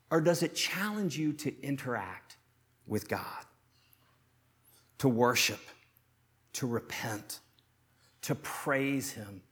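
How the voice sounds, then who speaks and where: A man preaching a sermon as pastor, earnest and questioning, slowing down for emphasis and speeding up for asides. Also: medium pitch. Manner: earnest, questioning, shifts between slow emphasis and quick asides.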